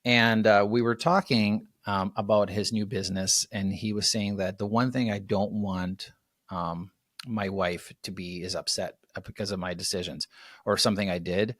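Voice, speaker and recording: Male podcast co-host, low voice, rambling and chatty, dry close mic. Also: steady tone, normal speed, a bit bright, dry recording. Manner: rambling storyteller, many fillers and restarts. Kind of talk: casual podcast chat.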